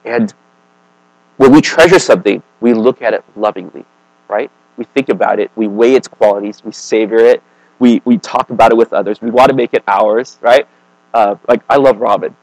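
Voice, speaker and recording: Guy preaching a sermon, chatty, keeps saying right and okay, gets loud then quiet, dry mic. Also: on the low side, moderate pace, no room sound, rough recording. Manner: swings between emphatic and quiet.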